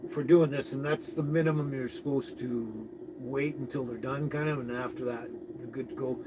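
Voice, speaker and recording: A man hosting a casual live stream, greeting viewers and chatting in a relaxed, rambling way with frequent chuckles. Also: mid-range voice. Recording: noisy recording with birds behind.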